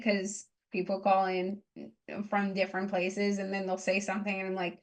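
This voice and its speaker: A woman hosting a podcast interview, chatting casually with lots of "like" and acting out lively quotes. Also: medium pitch, measured pace. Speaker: podcast host.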